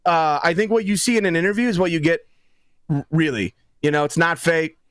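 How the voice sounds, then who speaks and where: A man who is a guest author in a casual interview, telling stories in a lively way and acting out what other people said. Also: a little high, fairly quick, no echo, clean studio sound. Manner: lively storyteller who acts out quotes.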